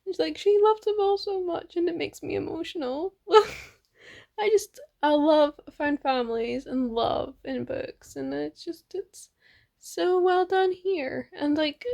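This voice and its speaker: A young woman with a high voice talks through her reading in a casual vlog. She gushes and chats, full of "like" and small giggles. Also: measured pace, gravelly, warm tone, highs cut off. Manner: gushing, chatty, many fillers and giggles. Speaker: book vlogger.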